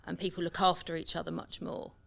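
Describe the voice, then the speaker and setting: A woman in casual podcast chat, animated and opinionated, talking about her kids and schools. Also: on the low side, fast talker, gravelly.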